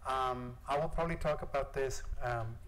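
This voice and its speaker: A man giving an informal lecture about his art, talking in a halting, musing way with many pauses and fillers. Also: mid-range voice, a bit bright, a little hiss or hum, low-quality recording. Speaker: visiting artist giving a lecture.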